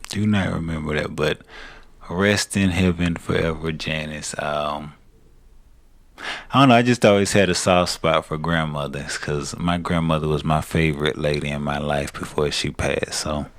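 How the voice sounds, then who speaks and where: A man's voice: rumbling low, normal speed, no room sound. A young man with a Southern US accent, co-hosting a podcast in a laid-back, joking way. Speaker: podcast co-host. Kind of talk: casual chat.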